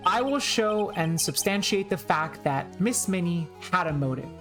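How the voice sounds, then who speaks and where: A woman's voice: lowish voice, animated, moderate pace, a bit bright, soft background music. Woman reading as a nervous young defense lawyer. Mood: nervous, resolved. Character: earnest young male defense lawyer, nervous but determined.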